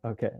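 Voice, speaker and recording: A man hosting a group video call as coach, teaching in a relaxed, casual way. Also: dry recording. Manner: relaxed, casual, swears now and then. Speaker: workshop host and coach. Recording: dull lo-fi call audio with faint music.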